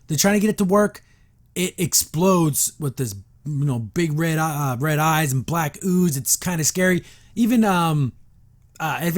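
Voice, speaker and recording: A man hosting a review podcast, casually retelling a cartoon episode and briefly acting out the characters' lines. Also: a little high. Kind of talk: casual recap and reaction.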